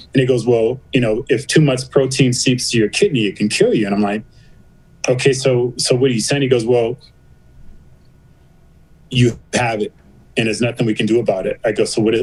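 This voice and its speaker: A middle-aged man talks candidly as a guest on a podcast, his voice at an ordinary middle pitch. He tells his story by replaying what was said, slipping into other people's lines in quick back-and-forth exchanges. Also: darkish tone, husky, rough recording. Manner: retells dialogue with doctors in quoted back-and-forth.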